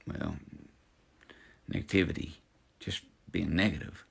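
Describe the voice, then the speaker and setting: Deep gravelly man in his fifties, ranting. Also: measured pace, fairly bright tone. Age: 50s. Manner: indignant, preachy, addresses followers directly. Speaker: social media personality. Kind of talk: angry direct-to-camera rant.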